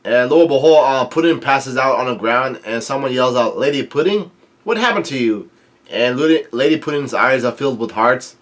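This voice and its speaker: A man's voice: mid-range voice, a little fast, few pauses. Male recapper, mid-range voice, loose rambling delivery thick with fillers. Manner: rambling, heavy with filler sounds; chuckles often while talking. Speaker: manga chapter reviewer. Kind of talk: casual chapter read-through commentary.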